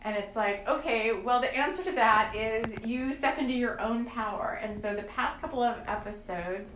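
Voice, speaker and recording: A woman's voice: a little high, normal speed, slight background noise. A woman hosting a spiritual podcast, talking in an earnest, rambling and emotional way with many fillers. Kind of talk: channeled spiritual podcast talk. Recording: echoey room with soft music.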